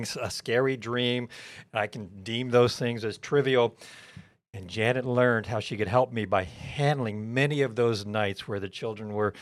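A man's voice: medium pitch, no room sound. A middle-aged man, a pastor hosting a podcast, talking plainly with dry humor. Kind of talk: casual chat.

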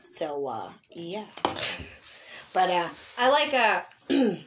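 A woman's voice: fairly low pitch, very animated, drawn-out words, noisy background. A woman co-hosting a casual podcast, playful and bubbly, joking with her friend. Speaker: podcast co-host. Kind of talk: casual chat.

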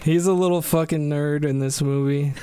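A man's voice: fairly high pitch, fairly even intonation, normal speed, warm tone, smooth. A man co-hosting a casual podcast, retelling a movie plot in a laid-back, rambling way full of fillers. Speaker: podcast co-host.

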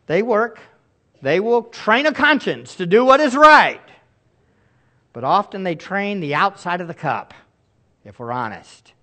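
A man's voice: high voice, very animated, unhurried, pauses often, sharp tone. A man in middle age, a pastor preaching a sermon in an earnest, emphatic way with pleading asides.

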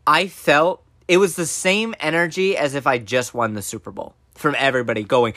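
A young man hosting a podcast, telling a story in casual chat, animated and full of restarts and laughs. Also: a little high, fast, few pauses, no echo, studio quality. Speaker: podcast host.

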